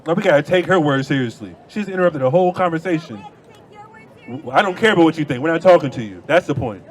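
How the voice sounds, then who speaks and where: A man holds forth on a city street into a handheld mic, his voice sitting a little high. He argues hard and brushes his opponents off, repeating himself as the debate heats up. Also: animated, quick pace. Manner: confrontational, dismissive, repeats himself. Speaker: street preacher.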